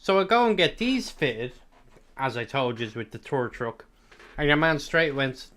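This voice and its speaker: A man's voice: medium pitch, lively intonation, unhurried, fairly bright tone. Chatty, swearing Irish man. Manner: rambling, sweary and chatty, eating sweets while talking. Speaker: streamer. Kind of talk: casual chat answering live chat.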